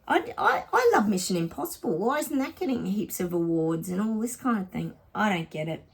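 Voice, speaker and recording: A woman's voice: medium pitch, sing-song, fairly quick, creaky, husky. An Australian woman psychic chatting casually to her viewers in a rambling vlog reading.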